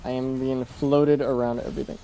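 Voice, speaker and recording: Fairly quick and flat, a mellow mid-range male voice gives casual live-stream commentary over a game, with slight background noise. He sounds sleepy, yawns, and rambles to viewers in a relaxed way, trailing off with fillers.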